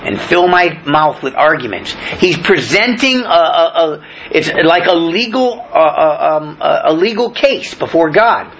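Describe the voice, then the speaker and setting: A man's voice: a little high, animated, measured pace, vocal fry, fairly bright tone. A man preaching verse by verse, reading scripture aloud and then explaining it in plain words, with frequent fillers and restarts. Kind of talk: verse-by-verse Bible teaching. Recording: dull lo-fi recording with faint noise.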